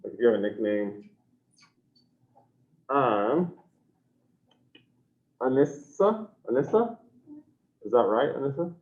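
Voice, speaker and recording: A man's voice: medium pitch, big pitch swings, takes it slowly, long pauses. A man teaching an online class, taking attendance in a scattered, self-correcting, apologetic way. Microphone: video call. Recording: tinny video call audio.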